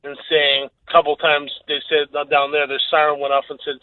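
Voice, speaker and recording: A man's voice: fairly high pitch, completely flat delivery, a little fast, no room sound. A man calling in to a radio talk show, speaking emphatically. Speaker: caller. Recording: tinny phone line.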